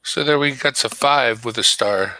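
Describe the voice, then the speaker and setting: Bright-voiced man in dry casual chat. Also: mid-range voice, no room sound, rough recording. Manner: teasing, explains slowly.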